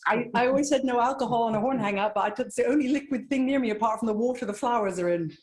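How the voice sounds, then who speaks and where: A woman's voice: a little high, very fast, darkish tone, echoey room, a little hiss or hum, rough recording. A woman hosting a casual live chat, talking freely with many fillers and frequent laughs. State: coughing from spicy food. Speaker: host. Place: home kitchen.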